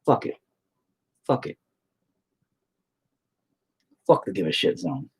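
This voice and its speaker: A man's voice: low-pitched, big pitch swings, slow pace, darkish tone, breathy edge, poor audio. A man talking casually to his viewers while he paints, cursing constantly and mocking himself as he rants. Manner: profane, ranting, self-mocking. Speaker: painting vlogger.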